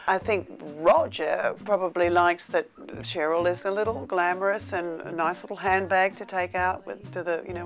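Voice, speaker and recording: Cheeky actress, slightly low, soft music behind her. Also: gravelly. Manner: cheeky, gossipy. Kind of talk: behind-the-scenes interview. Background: background music.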